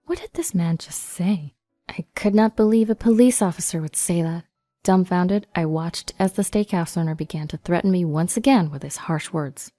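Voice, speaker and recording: A woman telling a first-person story in an even, measured read. Her voice sits low and sounds mellow, recorded dry, with faint music under it. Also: no echo. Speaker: narrator.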